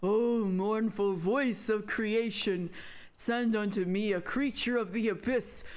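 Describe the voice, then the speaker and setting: A woman voicing a pompous, fussy old male mage with a hoarse rasp, reading game dialogue aloud during a live stream. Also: medium pitch, steady tone, a little mellow, close to an everyday voice. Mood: grandiose. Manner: slow, theatrical incantation.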